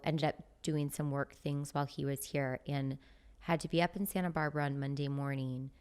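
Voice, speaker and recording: A woman with a low-pitched voice recounts a dating story on a podcast. She talks in a chatty way, dropping "like" often and slipping into the voices of people she quotes. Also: clean tone. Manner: chatty, frequent "like" fillers, acts out quoted dialogue. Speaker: podcast guest. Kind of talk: casual chat, storytelling.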